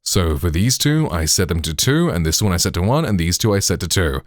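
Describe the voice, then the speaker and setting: A British man with a very deep voice walks through his settings in a relaxed tutorial, peppering his talk with "like", "you know" and "right". He sounds close and dry, recorded on a processed studio microphone with no room echo. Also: fairly quick. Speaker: tech tutorial host. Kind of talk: casual tutorial explanation.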